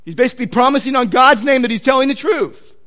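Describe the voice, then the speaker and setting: A pastor from Southern California with a Southern Californian accent, preaching a sermon in a conversational, animated way, acting out quotes with sudden loud outbursts. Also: male voice, very high voice, fast talker. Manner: conversational, repeats words while searching for them.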